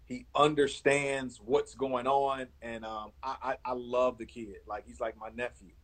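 Husky man in his forties talking basketball. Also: mid-range voice, measured pace, rough recording. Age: 40s. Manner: repeats words, animated storyteller. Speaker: basketball scout and analyst. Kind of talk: casual interview chat.

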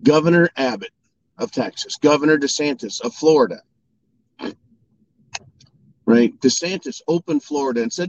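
A man's voice: on the high side, animated, moderate pace, long pauses, dry recording, lo-fi sound. A man delivering an angry political monologue, swearing and mocking opponents in sarcastic voices. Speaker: political commentator. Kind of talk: ranting monologue.

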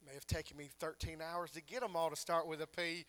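A man's voice: high-pitched, moderate pace, few pauses, pushed and bright, clean tone. A pastor preaching a sermon to his congregation, asking emphatic rhetorical questions.

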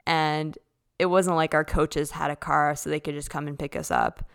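A woman's voice: sits low, little pitch movement, moderate pace, vocal fry, smooth. A young woman, casually telling stories in a chatty way full of "like" as a podcast host. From Canada. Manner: chatty, with lots of "like". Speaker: figure skater hosting a podcast. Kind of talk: casual storytelling.

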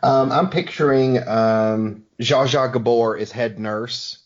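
A man's voice: mid-range voice, takes it slowly. A man hosting a podcast, making up a silly story on the spot in a rambling, hesitant way. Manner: improvises a made-up plot, rambling and hesitant. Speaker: podcast host. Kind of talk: casual podcast banter. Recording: dull lo-fi podcast audio.

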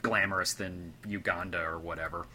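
A man's voice: sits low, steady tone, normal speed, bright, forceful tone, slight background noise. A man co-hosting a podcast, talking casually about an old film with many restarts and fillers. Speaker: podcast co-host. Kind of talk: casual movie discussion.

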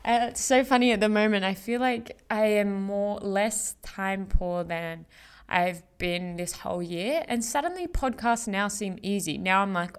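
A young woman hosts a casual solo podcast, giving a chatty motivational monologue packed with slang, fillers and swearing. Her voice is medium-pitched and clean-toned, moving at a moderate pace.

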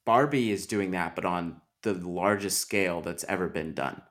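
A man's voice: low voice, moderate pace, fairly bright tone. A man hosting a podcast, talking at length in a casual movie discussion, full of likes and restarts. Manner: talkative, many likes and restarts. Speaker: podcast host.

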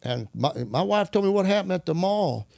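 A man as a guest minister telling a testimony in casual conversation, animated, with halting restarts as he searches for words. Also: high-pitched, creaky, no room sound, clean studio sound. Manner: animated, acts out quoted dialogue.

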